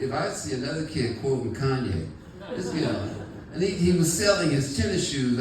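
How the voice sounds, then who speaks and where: A man's voice: mid-range voice, very echoey, recorded from a distance, low-quality recording. A male stand-up comedian telling stories in a rambling, chatty way on a club stage. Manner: rambling, chatty, many fillers. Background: audience laughter.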